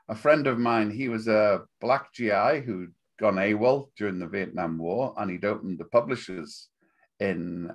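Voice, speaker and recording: An older man with a Liverpool accent talks in a relaxed, rambling interview, making wry asides and laughing at his own jokes. His voice sits low and a little husky. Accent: Liverpool (Scouse). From Liverpool, England. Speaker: interview guest, journalist.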